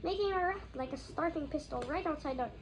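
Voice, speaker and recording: A woman voicing a blustering middle-aged uncle who snarls, his voice croaky with fury, in a storybook reading. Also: high voice, fast talker, background noise, voice pushed up.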